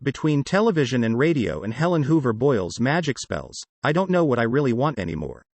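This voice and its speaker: A man reading an audiobook in the first person, with expressive delivery. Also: medium pitch, brisk, no room sound. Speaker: audiobook narrator. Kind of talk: audiobook narration.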